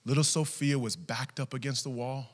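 A male pastor telling a family story in a sermon, animated and acting out the voices of his wife and daughters. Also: mid-range voice, moderate pace, big-room sound.

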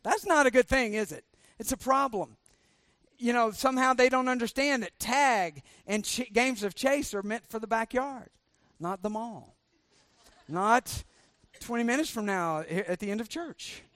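A middle-aged male pastor with a fairly high voice preaches a sermon. He jokes, slips into sarcasm and keeps quizzing the congregation with questions, and his voice sounds close and dry. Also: moderate pace, a bit bright, dry recording.

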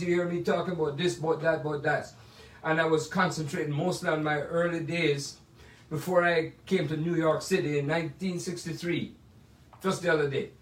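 Older Jamaican man in an echoey room. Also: on the high side. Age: 80s. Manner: chatty, playful, drawn-out asides. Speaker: musician sharing memories. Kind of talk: casual storytelling monologue. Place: home music room. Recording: echoey room, mic at a distance.

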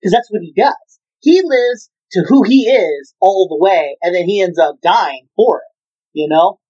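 A man's voice: high-pitched, lively intonation, measured pace, warm tone, lo-fi sound. A man in casual movie chat, rambling and swearing freely as he retells scenes with energy.

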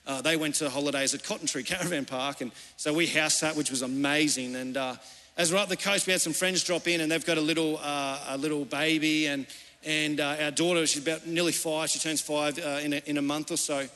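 A man's voice: fairly high pitch, fairly even intonation, a little fast, sharp tone. A man, a pastor giving a sermon in an earnest, conversational storytelling way. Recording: reverberant church hall.

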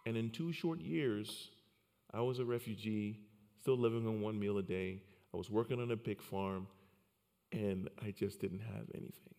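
Earnest low-voiced man in a hall. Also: normal speed, creaky, dark tone. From Liberia. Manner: earnest, repeats words when starting a thought. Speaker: speaker. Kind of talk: personal storytelling talk. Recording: long hall reverb.

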